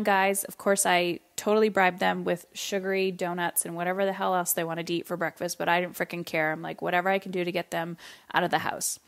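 A middle-aged woman from Canada tells a family story on her parenting podcast. She talks casually and with animation, mimicking her kids and throwing in the odd swear word. Her voice sits at a medium pitch.

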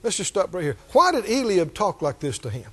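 A man's voice: sits high, fairly quick, husky. A man preaching a sermon as pastor, calling out to the congregation and acting out the voices of Bible characters. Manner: animated, calls out to the congregation, acts out Bible voices.

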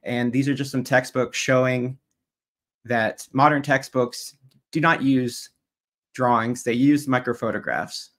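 A man presents his side of a debate slide by slide. His voice sits at an ordinary middle pitch, and his delivery stays methodical and pointed, sometimes turning mocking toward his opponent. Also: fairly even intonation, unhurried, fairly bright tone. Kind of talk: debate opening statement over slides.

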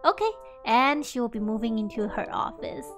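A woman playing a cute farming game, commenting with bubbly, gushing excitement and often speaking of herself in the third person. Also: a little high, moderate pace, over music. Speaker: gaming YouTuber. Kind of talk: let's play commentary.

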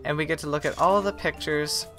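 Speaking briskly in a high-leaning, bright, forceful voice with fairly even intonation, a streamer chats through live gameplay as game music plays. He rambles, corrects himself, and grumbles at the game in a chatty, mildly exasperated way.

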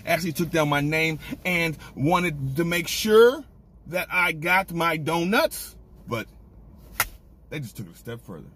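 A young man hosting a casual snack review vlog, ranting in an excitable, animated way. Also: on the high side, unhurried, a little hiss or hum.

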